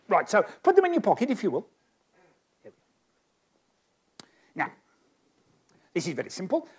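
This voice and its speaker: A man's voice: high voice, a little mellow, husky. Joking man doing stage magic patter. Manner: chatty, self-mocking, joking with volunteers. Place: stage of a magic society hall.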